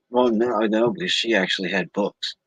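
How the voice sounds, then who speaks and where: A man's voice: lowish voice, a little slow, fairly bright tone, breathy edge, no echo, low-quality recording. A man co-hosting a casual podcast chat, delivering dry, sarcastic, matter-of-fact remarks. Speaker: podcast co-host.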